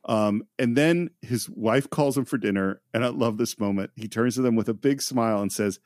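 A man co-hosting a podcast in a casual film discussion, who retells scenes in an animated way. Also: mid-range voice, moderate pace, dry recording. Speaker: podcast co-host.

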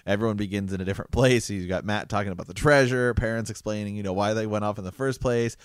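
A man's voice: on the low side, fairly even intonation, quick pace, clear, resonant tone, dry recording, studio quality. A man co-hosting a book discussion, chatting and reading passages aloud with frequent laughs. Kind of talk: casual chat reading aloud from a novel.

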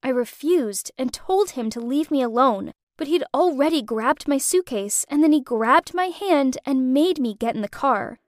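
High-voiced woman narrating her story. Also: animated, normal speed, few pauses, dry recording, clean studio sound. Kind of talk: first-person storytelling narration.

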